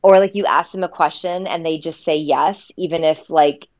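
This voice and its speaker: A woman's voice: deep voice, steady tone, moderate pace, a little mellow, muffled recording. A woman author talking earnestly in a podcast interview, with lots of "you know" and "um" fillers. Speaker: author guest. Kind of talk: reflective podcast conversation.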